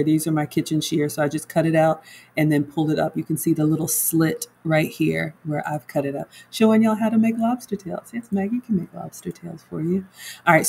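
A woman's voice: on the low side, darkish tone, slight background noise, low-quality recording. A woman home cook chatting casually on a livestream, walking viewers through her cooking and reading their comments aloud.

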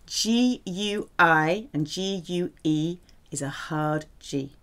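A woman's voice: fairly low pitch, slow, fairly bright tone, clear, resonant tone. A woman teaching French vocabulary, speaking patiently and repeating words with careful pronunciation. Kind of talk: vocabulary lesson.

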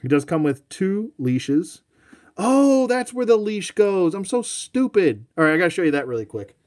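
A man's voice: sits high, very animated, normal speed, darkish tone. A man hosting a live toy showcase, chatting casually in a rambling, self-mocking way and talking to his dog. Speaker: toy collector host.

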